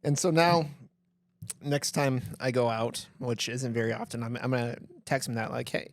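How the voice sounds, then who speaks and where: A man's voice: mid-range voice, fairly even intonation, moderate pace, dry recording, studio quality. A man co-hosting a casual podcast, telling stories with lots of stammered restarts and swearing. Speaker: podcast co-host. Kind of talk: casual chat, storytelling.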